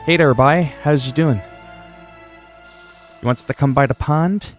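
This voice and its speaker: A man putting on a brash Newfoundland local with a high, sing-song drawl. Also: measured pace, soft background music, natural voice. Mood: teasing. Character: brash teasing Newfoundland schoolboy, loud.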